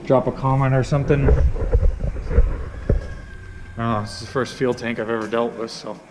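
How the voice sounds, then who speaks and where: A man's voice: mid-range voice, fairly even intonation, moderate pace, long reverb tail, background noise. A man casually walking through his truck build in a workshop, talking loosely with lots of fillers and restarts. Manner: rambling, many fillers and restarts. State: hiccuping. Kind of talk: casual shop walkthrough.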